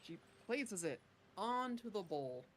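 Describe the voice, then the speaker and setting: A woman's voice: medium pitch, very animated, slow pace, fairly bright tone, slight background noise. A woman player narrating her character's actions in a tabletop role-play game, casual and laughing.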